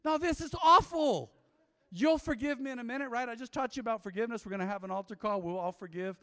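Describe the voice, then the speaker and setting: A middle-aged man preaching as a pastor, telling a confessional story with jokes, then leading an altar call, his voice swinging from loud to hushed. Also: very high voice, fast, smooth. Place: church sanctuary. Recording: long hall reverb.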